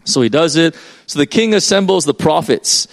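A man's voice: fairly high pitch, expressive, normal speed. A man preaching a sermon in a loose, conversational way, explaining as he goes with many fillers and restarts.

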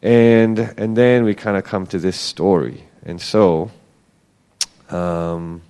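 A man's voice: low-pitched, steady tone, takes it slowly, dark tone, clear, resonant tone, lo-fi sound. A man giving a casual Bible teaching, talking conversationally and acting out the quoted lines.

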